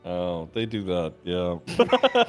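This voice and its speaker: A man's voice: sits low, huge pitch swings, drawn-out words, faint music behind. A man chatting and joking casually as a player before a tabletop game. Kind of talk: casual chat.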